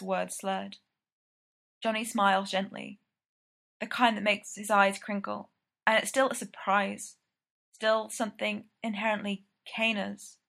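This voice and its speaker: A woman reads a story aloud with a close, steady, intimate delivery. Her voice sits in a middle pitch with a gravelly fry running through it. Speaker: reader. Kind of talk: reading fiction aloud.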